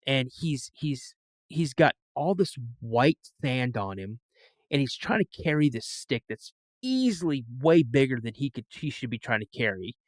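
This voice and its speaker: A middle-aged man telling personal stories as a podcast guest, animated and full of restarts and fillers. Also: medium pitch, measured pace, dry recording. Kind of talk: casual storytelling in an interview.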